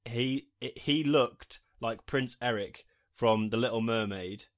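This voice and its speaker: A man's voice: mid-range voice, slow. A man, wry and sarcastic, recapping a film in casual podcast chat and swearing casually.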